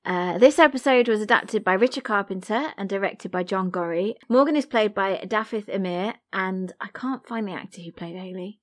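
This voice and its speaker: A woman's voice: mid-range voice, moderate pace, few pauses. A woman hosting a podcast, chatting about a book and its adaptations in an amused, analytical way. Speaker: podcast host. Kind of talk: casual book discussion.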